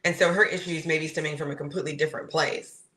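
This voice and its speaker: A woman co-hosting a casual reality TV recap, giving her measured opinion and her own rules. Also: low-pitched, steady tone, fairly bright tone, slight background noise, rough recording. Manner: thoughtful, sets out her personal rules. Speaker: podcast co-host.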